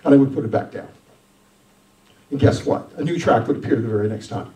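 A man's voice: mid-range voice, expressive, brisk, pauses often, reverberant, recorded from a distance, low-quality recording. Emphatic pastor telling his testimony. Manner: emphatic storytelling, swings loud and soft. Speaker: senior pastor. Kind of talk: sermon testimony.

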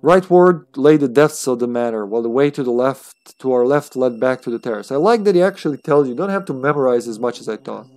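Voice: mid-range voice, lively intonation, fast talker, few pauses, darkish tone. A streamer reading a text adventure aloud on a live stream, laid-back and casual, with the odd swear.

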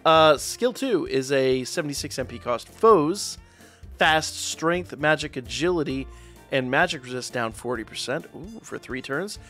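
A man's voice: fairly high pitch, expressive, unhurried, a bit bright, soft background music. A man casually reviewing mobile game units, reading out stats and correcting himself as he goes. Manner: chatty, self-correcting, reads stats aloud. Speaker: gaming YouTuber.

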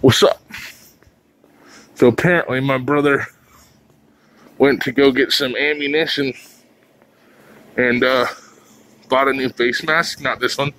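Slow, bright-voiced jokey vlogger man. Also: mid-range voice, steady tone, a little hiss or hum. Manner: jokey, rambling, self-mocking. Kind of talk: casual daily vlog. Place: home, indoors.

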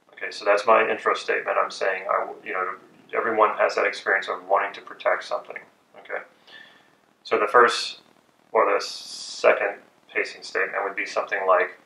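A man teaching persuasion techniques in a measured, deliberate way with pauses. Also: fairly low pitch, flat delivery, gravelly, pushed and bright. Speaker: persuasion and hypnosis instructor. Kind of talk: instructional talk. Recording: echoey room, distant from mic.

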